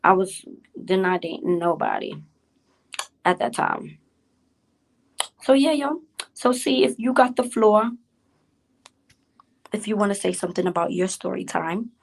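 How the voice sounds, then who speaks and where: A woman's voice: mid-range voice, wildly swooping pitch, measured pace, gravelly, pauses often. A woman hosting a casual storytime chat, talking in easy slang and handing the floor to her co-host.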